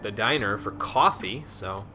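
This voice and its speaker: A man with a low, expressive voice speaks a little slowly as he plays, offering casual let's-play commentary. Sarcastic jokes at the characters punctuate his talk, with game music in the background.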